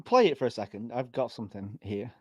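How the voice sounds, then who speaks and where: Appearing as a guest co-host on a live reaction chat, a Yorkshireman with a Sheffield accent is talkative, giggly and full of opinions. He speaks fast in a sing-song, darkish, mid-range voice with no room sound.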